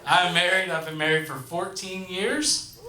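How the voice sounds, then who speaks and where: A man in his thirties hosts a stand-up set, spinning profane, offhand stories and tossing asides at the audience. His voice sits fairly high and rings through an echoey club room. Loud crowd laughter rolls in behind him. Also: unhurried. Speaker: comedy club host. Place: comedy club stage. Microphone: handheld stage microphone.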